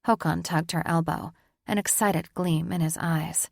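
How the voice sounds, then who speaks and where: A woman with a lowish, gravelly voice reads a fantasy romance novel in an even, measured storytelling manner. The sound is dry and close to the mic, with no room echo. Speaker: audiobook narrator. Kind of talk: scripted narration.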